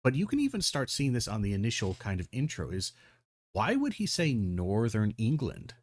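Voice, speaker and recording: Low-voiced rambling male commentator, dry sound. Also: huge pitch swings, moderate pace, no echo. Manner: rambling, frequent ums and restarts, swears. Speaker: video commentator. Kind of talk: casual commentary.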